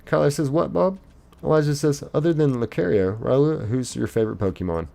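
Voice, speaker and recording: A man's voice: mid-range voice, brisk, creaky, warm tone. A man streaming live, casually reading viewers' chat messages aloud in a chipper lilt and chatting back.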